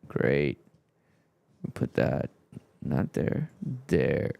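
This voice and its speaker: A man's voice: mid-range voice, expressive, slow pace, vocal fry, dry recording, lo-fi sound. A man streaming, casually muttering to himself as he fiddles with his stream settings. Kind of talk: casual livestream chatter.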